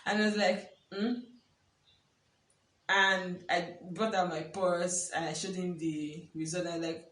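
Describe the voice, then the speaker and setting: A young woman telling a personal story in casual chat, animated and laughing often as she acts out what people said. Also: on the low side, unhurried. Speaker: vlogger. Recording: echoey room, a bit far from the mic.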